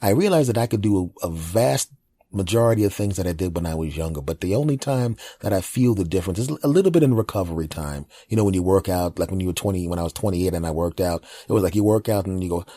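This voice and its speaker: A man in his forties hosting a comedy podcast, telling rambling stories in an animated way. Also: sits low, quick pace, no room sound. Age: 40s. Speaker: podcast host. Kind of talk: comedic monologue.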